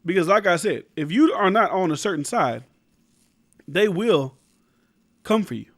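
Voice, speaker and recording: A high-pitched man rants through his own commentary show. He talks emphatically, swears a lot and trips over restarts. The sound is close and dry, with little room echo. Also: lively intonation, measured pace. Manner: emphatic, rambling, profane, restarts mid-sentence. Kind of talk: casual opinion commentary.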